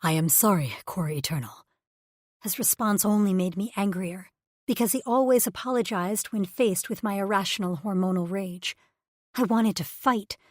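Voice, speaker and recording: A woman's voice: mid-range voice, normal speed, dry recording, studio quality. A woman reading a first-person romance audiobook in an intimate, emotive way. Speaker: audiobook narrator.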